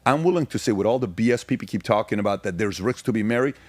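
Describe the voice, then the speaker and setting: A man's voice: on the low side, fast, darkish tone, no echo. A middle-aged man giving his testimony as a podcast guest, speaking emphatically and telling stories, repeating phrases to drive points home.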